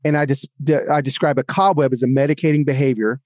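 A man's voice: mid-range voice, fast talker, dry recording, studio quality. A man on a podcast as guest author, telling stories in casual talk and acting out the people he quotes. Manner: animated, acts out quoted voices. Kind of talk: casual podcast conversation, storytelling.

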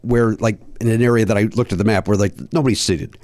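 A man telling a long story in casual podcast chat, animated and a bit profane, with high mock voices for people he quotes. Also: fast, dry recording. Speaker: podcast host.

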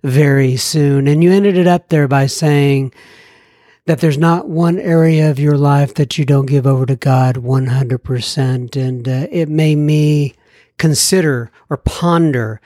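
A man's voice: on the high side, fairly even intonation, a little slow, warm tone, dry recording, studio quality. A man hosting a podcast, reading listener mail in a chatty, self-deprecating way. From United States. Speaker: podcast host.

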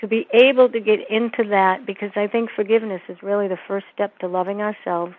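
A woman's voice: medium pitch, fairly even intonation, brisk, no room sound. Earnest woman telling a story over a tinny line. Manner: earnest storytelling, acts out quoted voices. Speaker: guest, minister and author. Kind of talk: interview conversation.

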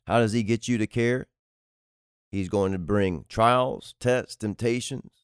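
Male podcast preacher, low-pitched and smooth, dry close sound, driving repetitive delivery. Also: a little slow, dry recording. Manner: emphatic, repetitive preaching cadence. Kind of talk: sermon-style podcast teaching.

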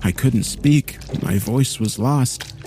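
A man narrating a horror story in a slow, grave storytelling manner. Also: mid-range voice, dark tone, slight background noise.

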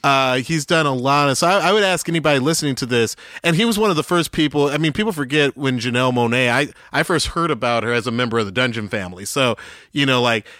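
A man's voice: medium pitch, expressive, quick pace, bright, forceful tone, dry recording, clean studio sound. A man from Atlanta co-hosting a podcast, musing enthusiastically through a casual music breakdown. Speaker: podcast co-host. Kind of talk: casual music-discussion chat.

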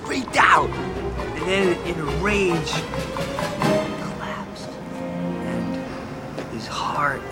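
A slow, dramatic stoner storyteller. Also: male voice, fairly high pitch, big pitch swings, exaggerated voice. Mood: solemn. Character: slow rambling male stoner telling a tall tale. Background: music.

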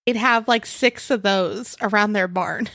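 A woman's voice: medium pitch, a little slow, a bit bright, no echo. A woman co-hosting a podcast in a casual chat, upbeat, reading from her research and laughing often. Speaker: podcast co-host.

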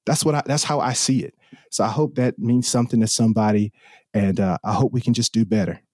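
A man's voice: lowish voice, steady tone, quick pace, darkish tone, dry recording, studio quality. A man in his forties from the Southern US, a podcast host speaking earnestly and with passion, often repeating himself for emphasis. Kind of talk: heartfelt podcast conversation.

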